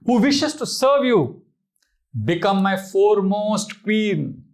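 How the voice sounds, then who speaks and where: A man's voice: sits high, voice pushed up. A man voicing the proud, lustful demon king Ravana in a story told during a talk, pompous and commanding. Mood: wooing.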